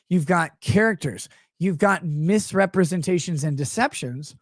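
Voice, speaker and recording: A man hosting a show in a profane, sarcastic rant, mocking people and slipping into quick impressions of them. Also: fairly high pitch, dry recording, clean studio sound. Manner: slips into mocking impressions of others. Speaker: show host. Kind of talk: profane live-stream rant.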